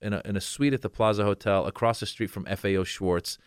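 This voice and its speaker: Male comedian guest, forties, from Iran, low smooth voice, dry close sound, animated anecdotes. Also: quick pace, no echo. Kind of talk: casual interview storytelling.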